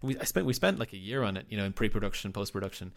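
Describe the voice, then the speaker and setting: A man with a fairly low voice speaks as a guest in a casual interview. He talks about his work in a thoughtful, meandering way. He often doubles back and restarts his sentences. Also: sing-song, very fast, vocal fry, fairly bright tone. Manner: reflective, rambling with frequent restarts. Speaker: writer and director of the drama.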